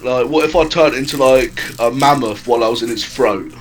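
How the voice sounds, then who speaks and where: A man playing a tabletop game, thinking out loud in a rambling, speculative way full of fillers. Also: medium pitch, fairly quick, soft background music. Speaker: player. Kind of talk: casual tabletop play.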